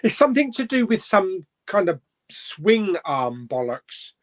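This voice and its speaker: Chatty high-voiced man hosting. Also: very animated, measured pace, a little hiss or hum. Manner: chatty, rambling with fillers and restarts. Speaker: host. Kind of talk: casual live-stream chat.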